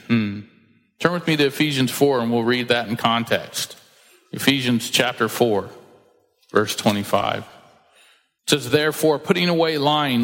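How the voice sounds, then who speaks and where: Male pastor, sermon, emphatic, fairly high voice, long hall reverb. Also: a bit bright. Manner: emphatic, acts out quoted voices.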